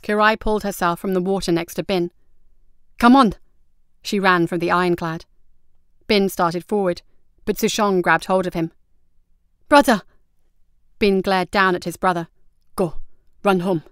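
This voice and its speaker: A woman reading a story aloud in a measured, scripted narration. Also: fairly low pitch, fairly even intonation, a bit bright, clear, resonant tone, no room sound, studio quality.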